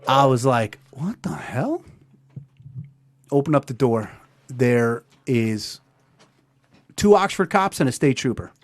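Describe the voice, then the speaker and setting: Male podcast host, animated storyteller who does the voices, pitch all over the place. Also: a little slow, a little hiss or hum. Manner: animated, acts out dialogue. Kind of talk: casual storytelling.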